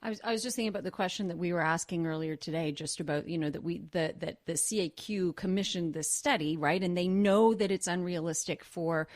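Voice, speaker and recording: A woman's voice: fairly low pitch, a little fast, few pauses, a little mellow, dry recording. Female radio co-host, casual and conversational, dry mic. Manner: conversational, thinks aloud. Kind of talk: radio talk show discussion.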